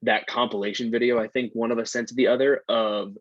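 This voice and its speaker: A man's voice: medium pitch, little pitch movement, fast, no echo, dull audio. A man co-hosting a podcast, rambling in casual chat and saying "like" a lot. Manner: rambling, heavy use of "like". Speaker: podcast co-host.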